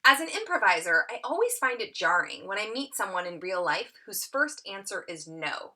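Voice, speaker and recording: A woman's voice: mid-range voice, very animated, moderate pace, hardly any pauses, sharp tone. A middle-aged woman teaching a tutorial, reading an excerpt aloud and acting out the quoted lines with lots of expression.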